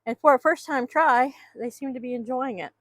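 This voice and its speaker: A woman's voice: high voice, a little fast, a bit bright, no room sound. A woman keeping backyard chickens, chatting casually and rambling while she talks to her hens outdoors on a microphone. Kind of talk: casual vlog chat.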